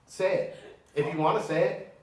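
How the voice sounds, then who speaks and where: Stand-up comic, man, 30s, high voice, brash and crude, echoey room, mic from a distance. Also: steady tone, normal speed, a little mellow. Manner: brash, profane, teasing the crowd. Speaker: stand-up comedian. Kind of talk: stand-up set with crowd work. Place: comedy theater stage.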